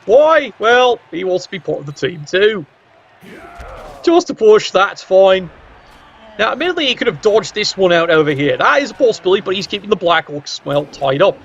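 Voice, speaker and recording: A man doing play-by-play commentary of a video game match, with cheeky, sardonic asides and sudden jumps up in pitch. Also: animated, moderate pace, a bit bright, muffled recording.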